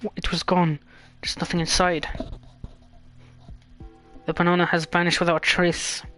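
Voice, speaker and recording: A man's voice: high voice, completely flat delivery, normal speed, pushed and bright, soft background music. A male game streamer reading a visual novel's text aloud, stumbling over words and dropping joking asides.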